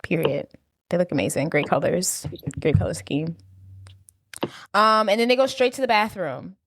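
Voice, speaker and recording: A woman's voice: on the low side, lively intonation, moderate pace, a bit bright, a little hiss or hum. A woman co-hosting a podcast, chatting casually about a film and chiming in with agreements. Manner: chatty, chimes in with short agreements. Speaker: podcast co-host. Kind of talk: casual movie recap chat.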